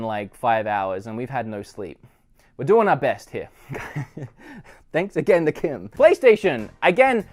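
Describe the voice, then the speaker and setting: Australian male host, casual and chatty, slightly high pitch, faint music under the handheld camera audio. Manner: rambling, chatty, self-correcting. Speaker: gaming channel host. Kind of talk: casual room-tour chat. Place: his game room, indoors.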